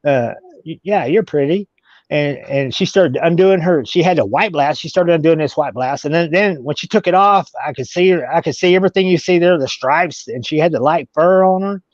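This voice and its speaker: Halting, rambling man telling a story. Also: a little high, dry recording. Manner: halting, repeats words and restarts. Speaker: guest. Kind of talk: casual storytelling. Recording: dull, dry audio.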